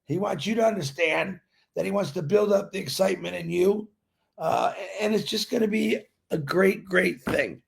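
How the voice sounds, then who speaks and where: A man's voice: high-pitched, moderate pace, creaky, breathy edge. A man hosting a daily live stream, greeting viewers by name and chatting in an upbeat, rambling way.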